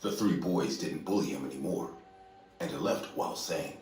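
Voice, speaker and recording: A man narrating a scripted horror story in a steady, measured way. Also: very deep voice. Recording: echoey distant room, faint music.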